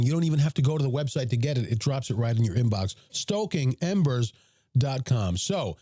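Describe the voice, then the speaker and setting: Podcast host, male, hoarse and raspy after a cold, mellow tone, dry close sound. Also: no room sound. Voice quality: deep, raspy. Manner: chatty, blunt, self-promoting. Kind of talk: casual livestream talk.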